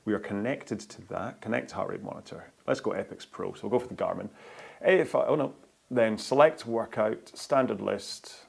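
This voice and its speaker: A man's voice: on the low side, normal speed, creaky, darkish tone, husky. A man hosting a live rowing workout stream, talking in a chatty, rambling way with lots of fillers and restarts.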